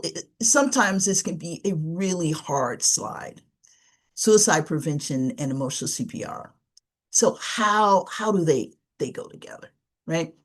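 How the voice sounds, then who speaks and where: A woman trainer presenting an online webinar, animated, acting out example conversations and laughing often. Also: deep voice. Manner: lively, acts out dialogue examples, laughs often. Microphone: webinar computer mic.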